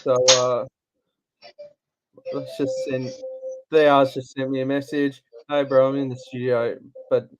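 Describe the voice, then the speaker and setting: An Australian man hosting a live stream, relaxed and chatty, often pausing on "uh" and "um" as he talks. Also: medium pitch, smooth, highs cut off, soft background music. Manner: relaxed, chatty, halting with fillers. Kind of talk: casual live stream chat.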